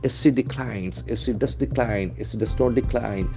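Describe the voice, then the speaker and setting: A man's voice: medium pitch, moderate pace, vocal fry, over music. A man teaching vocabulary from the news, spelling words letter by letter and repeating them. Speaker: English trainer. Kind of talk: newspaper vocabulary lesson.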